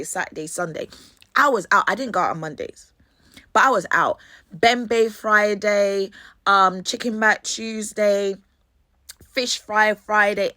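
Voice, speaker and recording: Jamaican-born london woman, slow and bright, animated storytelling, cusses a lot, dry close mic. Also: medium pitch, no room sound. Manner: animated, swears freely. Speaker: host. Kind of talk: storytelling monologue.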